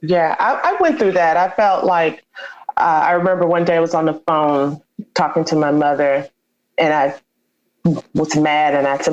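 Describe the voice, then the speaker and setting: A woman's voice: low-pitched, fairly even intonation, normal speed, muffled recording. A woman guest in an interview, telling a personal story with feeling and acting out the dialogue she quotes. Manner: heartfelt, acts out quoted dialogue.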